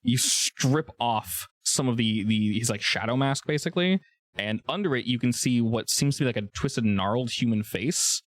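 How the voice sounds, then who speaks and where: A man's voice: mid-range voice, lively intonation, normal speed, dry recording. A man running a tabletop role-playing game as game master, explaining rules casually with fillers.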